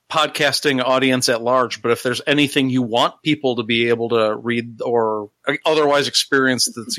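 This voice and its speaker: A man's voice: mid-range voice, sharp tone, no room sound. A middle-aged man co-hosting a casual podcast, leading the wrap-up and reading out contact details. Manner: wraps up the show and reads out contact details. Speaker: podcast co-host.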